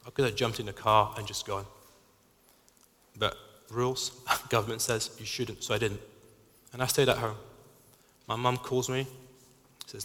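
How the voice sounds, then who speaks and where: A man gives a sermon in an earnest, halting way. He often restarts his phrases. His voice is bright and forceful, and a long hall reverb trails behind it. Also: mid-range voice, steady tone. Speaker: preacher.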